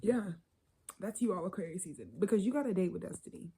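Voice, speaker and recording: A woman's voice: medium pitch, fast talker, creaky, mellow, a little hiss or hum, low-quality recording. A woman giving a casual tarot reading, blunt and profane, rambling and sometimes dropping into a whisper. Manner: drops into whispers. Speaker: tarot reader.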